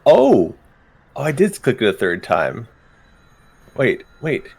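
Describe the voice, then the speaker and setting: A man's voice: fairly low pitch, big pitch swings, measured pace, breathy edge. A man running a tabletop game as game master, casual and hesitant, with many ums and easy laughs.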